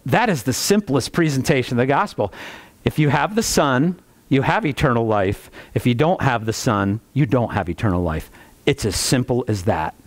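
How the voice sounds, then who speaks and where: A man preaching a sermon as pastor, animated, with folksy asides and chuckles. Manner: animated preaching, rising pitch on rhetorical questions.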